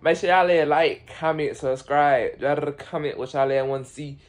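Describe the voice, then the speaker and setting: A man's voice: on the high side, steady tone, moderate pace. A man hosting a reaction video, talking casually and profanely straight to his viewers.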